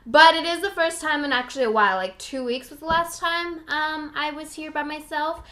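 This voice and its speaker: A woman's voice: sits high, expressive, normal speed, hardly any pauses, fairly bright tone. Bubbly rambling woman podcast host. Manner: bubbly, rambling, laughs at herself. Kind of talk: casual solo podcast chat.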